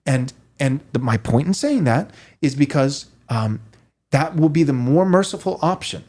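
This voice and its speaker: A man in a conversation clip played for commentary, speaking in a measured, deliberate way with hesitant fillers. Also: a little high, expressive, darkish tone.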